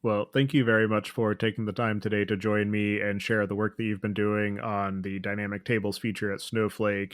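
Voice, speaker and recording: Low-voiced podcast host, measured. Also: male voice, fairly bright tone, dry recording. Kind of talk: interview host.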